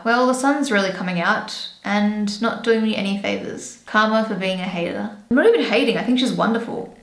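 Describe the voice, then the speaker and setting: A woman's voice: medium pitch, fairly bright tone. Chatty woman in an echoey room. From Australia. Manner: chatty, rambling with self-corrections. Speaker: beauty vlogger. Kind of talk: casual get-ready-with-me chat. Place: home room indoors. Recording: roomy echo.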